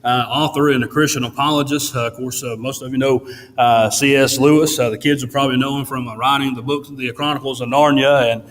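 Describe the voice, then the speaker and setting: A man preaching a sermon in a church, pausing often with "uh" between phrases. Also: mid-range voice, fairly even intonation, a bit bright. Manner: halting, fills pauses with frequent "uh". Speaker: pastor. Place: church sanctuary. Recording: long church reverb.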